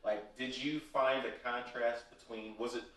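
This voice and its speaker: A man's voice: mid-range voice, steady tone, normal speed, a bit bright. A man from the United States interviewing a musician, asking hesitant, searching questions. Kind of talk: casual interview. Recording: roomy and far from the mic.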